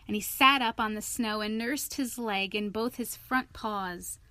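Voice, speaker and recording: A woman reading a storybook aloud in a steady, even narrating manner. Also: mid-range voice, measured pace, no echo.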